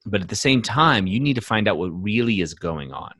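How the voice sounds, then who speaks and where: Low-voiced man, emphatic. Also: brisk, husky, dry recording. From United States. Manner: emphatic, animated storytelling with many fillers. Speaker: podcast co-host, men's coach. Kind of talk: casual podcast conversation.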